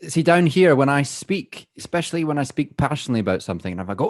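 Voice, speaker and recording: A young Scottish man co-hosting a podcast in casual chat, animated and playful, slipping into voices when he quotes people. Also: on the high side, racing, no echo, clean studio sound. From Perth, Scotland. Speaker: podcast co-host.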